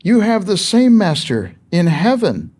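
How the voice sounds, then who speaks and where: A man's voice: high voice, wildly swooping pitch, a little slow, darkish tone. A man preaching a sermon in a conversational, emphatic way, asking rhetorical questions of his listeners.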